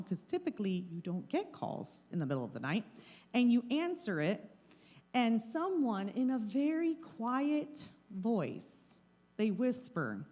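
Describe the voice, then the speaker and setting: A woman's voice: on the high side, sing-song, a little slow, darkish tone. A middle-aged woman giving a live talk on scams to an audience, with plain, repeated warnings, speaking into a handheld mic in a meeting room. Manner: plain, repetitive warnings, acts out scam calls. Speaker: presenter of a scam-awareness talk.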